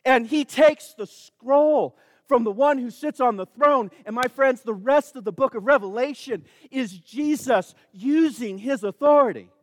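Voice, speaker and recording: A man's voice: very high-pitched, a little slow, dry recording, long reverb tail. A man preaching a sermon, emphatic and calling out to the congregation.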